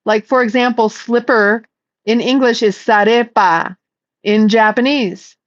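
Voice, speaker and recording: Earnest higher-voiced woman, dry dull sound. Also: steady tone, dry recording. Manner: meandering and earnest, with slow drawn-out emphases. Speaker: psychic channeling messages. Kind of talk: casual spiritual talk to camera.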